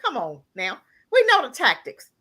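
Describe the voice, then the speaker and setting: Animated high-voiced woman co-host. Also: moderate pace. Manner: animated, emphatic, laughs often. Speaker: co-host reacting to a documentary. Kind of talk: casual live-stream chat.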